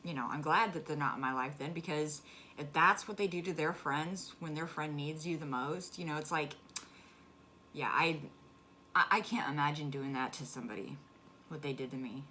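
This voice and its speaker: Low-voiced woman telling a personal story. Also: pushed and bright. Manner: frank, halting with restarts, flares up when angry. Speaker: vlogger sharing a personal story. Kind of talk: candid conversational storytelling. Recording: clear background noise.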